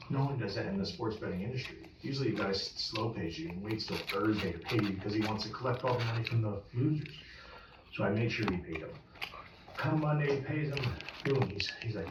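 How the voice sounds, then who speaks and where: A man telling the story of his bookmaking business in a casual, animated way, acting out the people he dealt with. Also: lowish voice. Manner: animated, quotes himself and others in quick dialogue. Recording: echoey room, mic at a distance, noisy.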